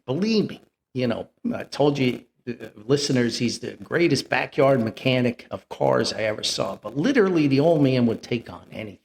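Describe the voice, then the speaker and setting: An older man from New tells a rambling family anecdote, chuckling as he goes. His voice is gravelly and sits mid-range. He swings up and down with lively, animated pitch. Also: moderate pace. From New Jersey. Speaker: podcast host and storyteller. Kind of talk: anecdotal storytelling.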